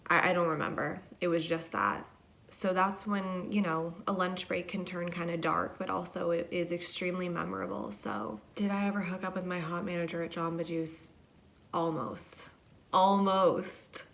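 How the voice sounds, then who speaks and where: Young woman, podcast host, casual storytelling, rambling, swears a lot, self-deprecating, slightly low voice. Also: steady tone, normal speed, creaky, fairly bright tone.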